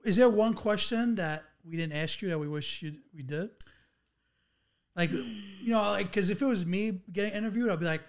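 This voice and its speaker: A man with a voice a little higher than most men's. He co-hosts a relaxed podcast, putting curious questions to his guest in an easygoing way. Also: normal speed. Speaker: podcast co-host. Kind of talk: casual podcast chat.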